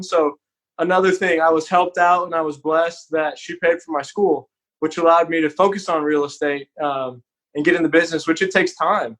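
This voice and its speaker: A man's voice: fairly high pitch, fairly even intonation, a little fast, fairly bright tone. A man from Texas, a podcast guest, telling an earnest, candid story in a casual, conversational way.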